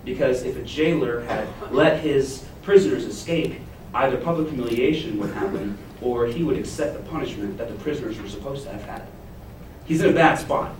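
Man preaching, expressive storyteller, roomy echo, distant mic, faint ambience. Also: medium pitch, slight background noise. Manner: expressive, acts out the jailer's panic in a paraphrase. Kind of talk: sermon. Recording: echoey room, heard from a distance.

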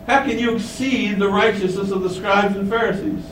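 High-voiced emphatic preacher in an echoey hall. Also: male voice, fairly even intonation, moderate pace. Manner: emphatic, asks the congregation questions and repeats lines. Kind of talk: sermon. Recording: echoey room, mic at a distance, faint rumble.

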